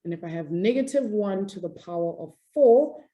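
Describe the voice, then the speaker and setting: A woman's voice: medium pitch, lively intonation, moderate pace, lo-fi sound. A woman teaching a maths class online, upbeat and chatty, apologizing and laughing easily as she explains.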